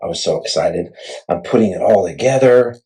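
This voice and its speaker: A middle-aged man casually vlogging about camera gear, chatty and self-deprecating, retelling his excitement, on a clip-on mic. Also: low voice, fairly quick, rough recording. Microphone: wireless clip-on mic.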